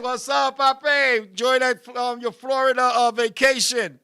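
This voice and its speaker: A man with a very high, piercing, bright voice hosts a comedy talk show. He rants in an animated, profane way and breaks into laughter at his own jokes. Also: a little slow, few pauses, smooth. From Puerto Rican family. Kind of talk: comedic rant with banter.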